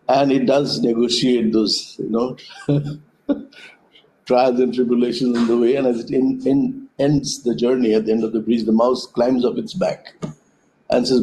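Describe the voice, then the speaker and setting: Over a web conference call with poor audio and slight background noise, a man with a dark, mid-range voice gives a reflective talk. A thoughtful storyteller, he speaks in metaphors and builds his points through parables.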